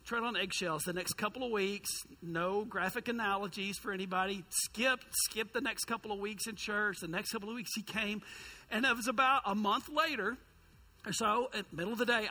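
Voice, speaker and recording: A high-pitched man preaching to a congregation. His voice is bright and a little husky, and he tells stories in a lively, self-mocking way, full of humor. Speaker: youth pastor. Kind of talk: sermon storytelling.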